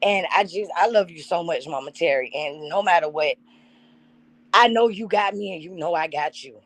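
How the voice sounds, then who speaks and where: A woman's voice: deep voice, brisk, dry recording, poor audio. A woman hosting a live stream, giving a heartfelt tribute and talking straight to her chat. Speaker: channel host.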